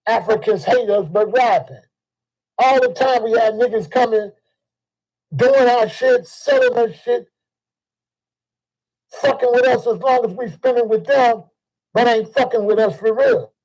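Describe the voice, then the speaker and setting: Older guy ranting hard, cussing a lot, keeps repeating himself, voice sits pretty high. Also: normal speed, a little mellow, low-quality recording. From Chicago. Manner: heated, profane, repetitive. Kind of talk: ranting monologue.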